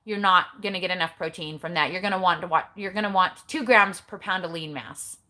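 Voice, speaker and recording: A woman's voice: on the low side, brisk, bright, forceful tone. A middle-aged woman chatting casually on a livestream recorded on her phone, blunt and chatty with eye-rolling asides. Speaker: keto vlogger.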